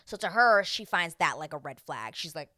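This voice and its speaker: A woman's voice: on the low side, big pitch swings, normal speed, sharp tone. A young woman hosting a casual reality-show recap, chatting loosely, acting out quotes and swearing now and then. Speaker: TV recap host.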